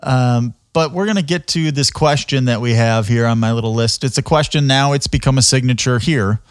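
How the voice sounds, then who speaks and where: A man's voice: mid-range voice, fairly quick, smooth, no room sound, studio quality. Rambling laughing man host. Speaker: podcast host. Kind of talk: casual interview chat.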